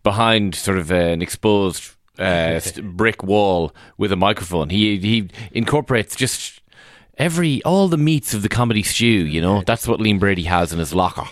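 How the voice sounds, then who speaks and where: A man's voice: fairly low pitch, normal speed, no room sound, clean studio sound. A man co-hosting a podcast, chatting in a playful, jokey way. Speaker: podcast co-host. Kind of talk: casual chat.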